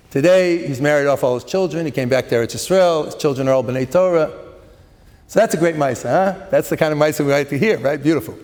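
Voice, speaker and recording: A middle-aged man, a rabbi, telling stories in an animated way during a seminar talk, sprinkled with Hebrew and Yiddish terms. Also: high-pitched. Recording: long hall reverb.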